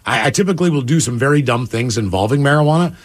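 A man's voice: medium pitch, racing. A man telling a funny story in casual podcast chat, laughing and acting out the voices of the people in it. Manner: animated, laughing, acts out quoted voices.

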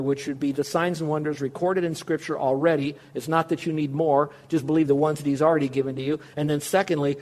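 Middle-aged male pastor, earnest sermon delivery, slightly high voice, talks straight to the congregation. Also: darkish tone. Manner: earnest, direct address to listeners.

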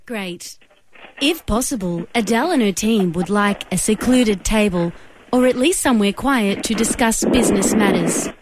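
A flat automated female phone system voice, put on by a woman. She speaks in slow, evenly spaced chunks with a mechanical stiffness. Her pitch sits in a plain middle register, with faint noise behind her. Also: natural voice. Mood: stilted robotic. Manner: slow, stilted, evenly paced robotic delivery. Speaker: radio prank caller.

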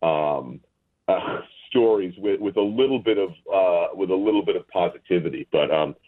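A man's voice: sits low, normal speed. A male guest on a phone interview, talking in a rambling, hesitant way with many restarts. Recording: tinny phone line.

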